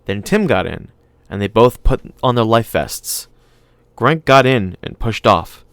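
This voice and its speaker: A man reading an audiobook aloud in calm, measured scripted narration. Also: medium pitch, clear, resonant tone, dry recording.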